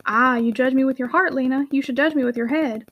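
A reserved, brooding young mill owner from a storybook, voiced by a woman reader. He gives curt, guarded replies in a fairly high voice at a brisk pace. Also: dry recording, lo-fi sound.

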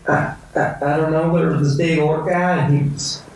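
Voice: mid-range voice, fairly even intonation, moderate pace, a little mellow, a little hiss or hum. A tabletop player speaking in character, stammering and nervous. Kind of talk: casual tabletop play. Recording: echoey room, far from mic.

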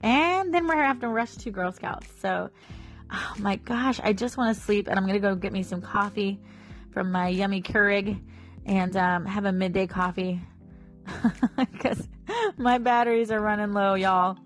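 A woman's voice: mid-range voice, moderate pace, soft background music. A woman, chatting casually to her viewers in a rambling way with lots of fillers. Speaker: vlogger and small business owner. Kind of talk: casual chat to camera.

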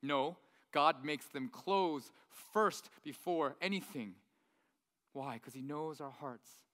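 Bright-voiced preaching pastor, hall reverb. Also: male voice, a little high, slow pace. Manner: animated, conversational preaching with rhetorical questions. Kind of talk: sermon. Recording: long reverb of a large hall.

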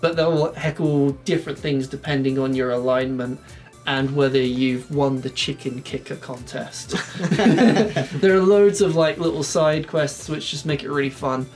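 A man's voice: medium pitch, steady tone, normal speed, faint music behind. A man from England chatting casually on a podcast, rambling and laughing often. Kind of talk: casual chat. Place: shed studio.

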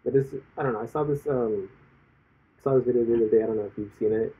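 Husky man, rambling chat, tinny audio. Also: medium pitch, fast talker. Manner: rambling, frequent "like" fillers, recounts stories with quoted voices. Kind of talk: casual chat.

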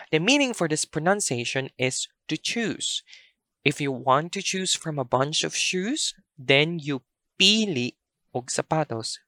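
A language teacher talks through a pronunciation lesson at an unhurried pace, saying each word twice with clear stress. The voice sits in a middle register and the recording is dry and close, with no room sound. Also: medium pitch, a bit bright, no echo.

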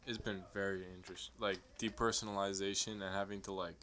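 A man's voice: low-pitched, level tone, a little fast, bright, forceful tone. A young man talking as a guest on a podcast, loose and rambling, with plenty of fillers. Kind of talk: casual chat.

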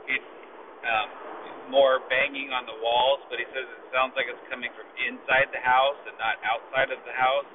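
A man's voice: medium pitch, flat delivery, normal speed. Rambling, profane man on a phone-like line. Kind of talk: casual storytelling. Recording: phone-like lo-fi with faint noise.

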